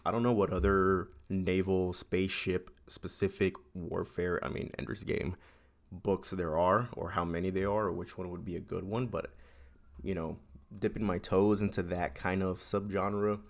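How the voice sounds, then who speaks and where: A man's voice: low-pitched, fairly even intonation, normal speed. A man casually reviewing a book on his channel, rambling with frequent restarts and filler words.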